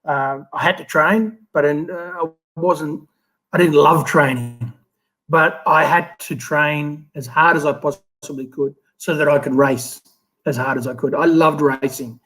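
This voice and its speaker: A man's voice: on the high side, a little slow, low-quality recording. Australian man in his fifties, rambling. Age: 50s. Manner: relaxed, rambling, frequent fillers and restarts. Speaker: guest, former Olympic swimmer. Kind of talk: casual interview storytelling.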